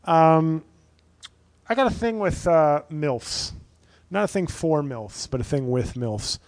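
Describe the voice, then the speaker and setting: A man's voice: fairly high pitch, lively intonation, takes it slowly, a little mellow, dry recording. A man in his thirties, a stand-up comedian hosting his own podcast, rambling through a profane, wry solo monologue.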